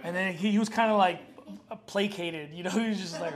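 A man in his thirties preaching a sermon as pastor, fervent and emphatic, then dropping into a low, chatty storytelling tone. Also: fairly quick.

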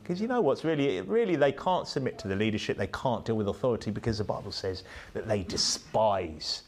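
A man preaching a sermon, rising to emphatic peaks and dropping low on tag questions. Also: expressive, fairly quick.

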